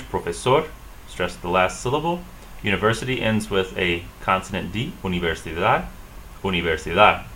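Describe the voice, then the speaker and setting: A man with a very low voice that still has a crisp, bright edge leads a Spanish lesson. He explains each rule and then drills the words slowly, saying them again and again. A faint hiss sits under the recording. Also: low-quality recording. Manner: slow, drilling repetition of words. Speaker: Spanish teacher. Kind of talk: classroom lesson.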